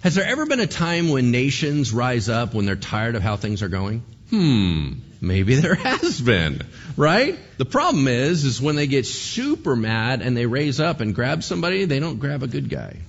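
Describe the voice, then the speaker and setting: Male pastor, husky, lively delivery, full of rhetorical questions; dull lo-fi recording. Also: medium pitch, moderate pace. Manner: animated, conversational, fires rhetorical questions. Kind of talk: sermon.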